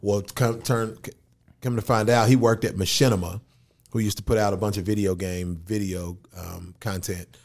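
A man's voice: on the low side, normal speed. A man who raps and does voice acting, telling a story in an interview in casual, slangy talk and acting out the voices of people he quotes. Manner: animated, acts out quoted voices. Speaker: rapper and voice actor.

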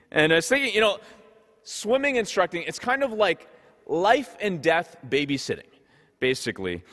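A man's voice: high-pitched, a bit bright. A man, a parish pastor, giving a conversational Sunday sermon full of stories, often repeating words as he goes. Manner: storytelling, repeats words as he talks. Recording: long hall reverb.

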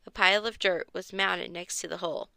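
Woman storyteller for a kids' mystery book, expressive read, bright tone with some fry, dry booth sound. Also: fairly quick, no room sound. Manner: expressive, pitches up for the children's lines. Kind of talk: reading a children's chapter book aloud.

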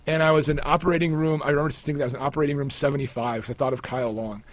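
A man being interviewed, telling a personal story in a rambling, animated way with many restarts. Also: fairly high pitch, very fast, no room sound. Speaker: guest, sportswriter.

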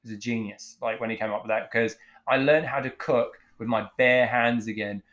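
A man's voice: mid-range voice, moderate pace. A man in his forties, a chef guest on a podcast, telling blunt, profane stories and acting out what people said. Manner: blunt, profane, animated storyteller acting out quotes. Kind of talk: casual storytelling chat.

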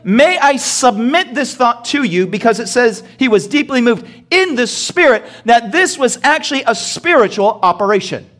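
High-voiced man preaching a sermon. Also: animated, normal speed, few pauses, fairly bright tone. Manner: preaching with rhetorical questions to the congregation; acts out short dialogue scenes with humor. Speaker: pastor.

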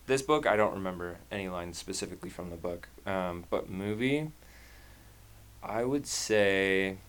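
A man in his twenties chatting casually on a podcast, playful and quick to laugh. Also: low voice, a bit bright, clean tone. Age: 20s.

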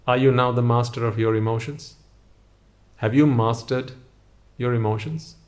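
A man's voice: mid-range voice, steady tone, normal speed, a little mellow. A man giving a motivational talk, speaking straight to the listener with a stream of rhetorical questions.

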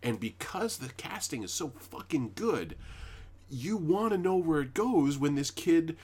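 A man's voice: on the high side, very animated, a little slow, darkish tone, husky. A man co-hosting a podcast, talking casually, emphatic and heavy on swearing. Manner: profane, emphatic, with frequent fillers. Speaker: podcast co-host. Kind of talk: casual chat.

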